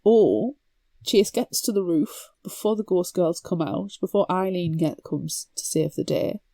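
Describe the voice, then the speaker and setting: Dark-toned woman in lively book chat. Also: lowish voice, a little slow, no echo. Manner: animated, laughs often, breaks into quoted voices. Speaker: podcast co-host. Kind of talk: casual book-discussion chat.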